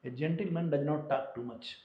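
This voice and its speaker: A man's voice: on the high side, fairly quick, noisy background. A man with an Indian accent giving a devotional sermon as a visiting teacher, telling stories with humor. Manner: animated storytelling with humor. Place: lecture room in a home. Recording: echoey room, dull lo-fi sound.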